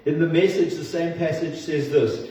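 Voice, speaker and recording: A man's voice: a little high, fairly even intonation, normal speed, dark tone, a little hiss or hum. Man preaching in an echoey church. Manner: earnest, conversational preaching with self-deprecating asides. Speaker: pastor. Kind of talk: sermon. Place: church sanctuary. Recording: distant, roomy, dull-toned church recording.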